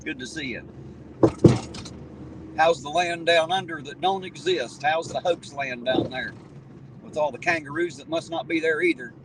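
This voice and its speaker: A man's voice: fairly high pitch, normal speed, pauses often. Appalachian guy rambling to his live chat while he drives, mic kinda far off, lots of car noise. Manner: chatty, folksy, greets viewers by name. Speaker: livestream host. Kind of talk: casual live-stream chat, greeting viewers. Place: in a vehicle at night. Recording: distant mic with loud road noise.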